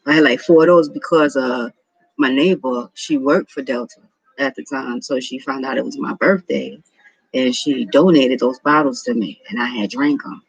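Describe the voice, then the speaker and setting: A man's voice: mid-range voice, normal speed, vocal fry, husky, no echo, rough recording. A man in his thirties telling a rambling, profane personal story in a casual monologue. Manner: rambling, profane, repeats himself. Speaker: vlogger.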